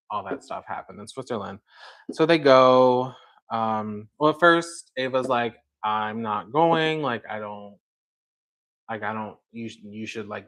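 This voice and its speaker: A man's voice: mid-range voice, a bit bright. A man hosting a casual livestream, rambling through a story with lots of "like" and "um" while talking directly to a viewer in chat. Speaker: livestream host.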